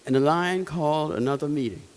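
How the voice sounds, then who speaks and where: High lively guy telling a folktale to a crowd, slow and playful, echoey hall. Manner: animated, asks the audience questions. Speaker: storyteller. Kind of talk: folktale told to a live audience. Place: event hall.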